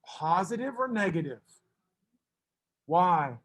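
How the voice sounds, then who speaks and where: A man teaching a math class, brisk and teasing, fussing at students and then reassuring them. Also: high voice, very animated, a bit bright.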